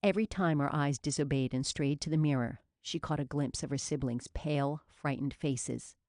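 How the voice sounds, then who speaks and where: A woman reads audiobook narration in a steady, measured way. Her voice sits low, and the recording is close and dry with no room sound. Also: dry recording.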